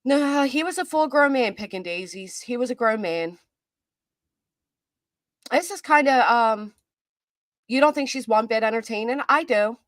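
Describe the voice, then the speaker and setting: A woman's voice: on the high side, animated, unhurried, long pauses, no room sound, clean studio sound. A woman doing live reaction commentary, chatty and reading viewer comments aloud. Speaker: commentary streamer.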